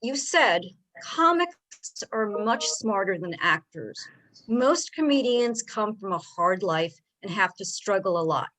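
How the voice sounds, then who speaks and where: Woman, 40s, mid pitch, video call, interview moderator, upbeat, friendly questions. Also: lively intonation, measured pace, a bit bright, poor audio.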